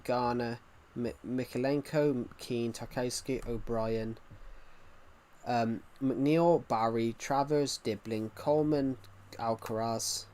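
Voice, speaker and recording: A man's voice: mid-range voice, fairly even intonation, takes it slowly, darkish tone. A man casually chatting while streaming a game, rambling and reacting to viewers' comments. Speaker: gaming streamer.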